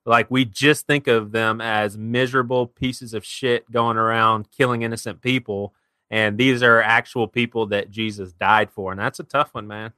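A man's voice: medium pitch, steady tone, normal speed, pushed and bright, no room sound, studio quality. A man co-hosting a podcast, talking bluntly and posing provocative hypotheticals. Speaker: podcast co-host. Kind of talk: casual podcast talk.

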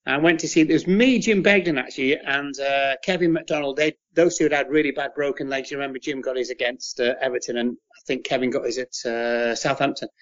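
A man's voice: mid-range voice, steady tone, a little fast, hardly any pauses, fairly bright tone, lo-fi sound. A man, a former footballer telling rambling stories as an interview guest, repeating words and acting out the voices of people he quotes. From England. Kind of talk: casual anecdotal storytelling.

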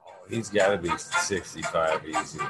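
A man's voice: low-pitched, fairly even intonation, normal speed. Profane, rambling man with music behind. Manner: profane, rambling storyteller, acts out quotes. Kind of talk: casual chat.

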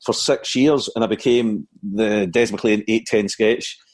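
A middle-aged Scottish comedian telling anecdotes in an interview, chatty, with many restarts. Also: male voice, fairly low pitch, steady tone, measured pace. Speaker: comedian and guest. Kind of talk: storytelling in an interview.

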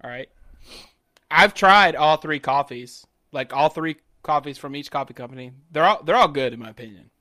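Bright-voiced Southern man on a podcast. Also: a little high, normal speed, dry recording, studio quality. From Florida, US. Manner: animated storyteller, acts out quoted dialogue. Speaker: podcast co-host. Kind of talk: casual chat.

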